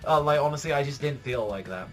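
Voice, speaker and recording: A man's voice: a little high, animated, quick pace, soft background music. A man giving a casual, rambling spoken review of a manga chapter, filling his talk with "like" and swearing freely. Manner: rambling, heavy use of "like", swearing.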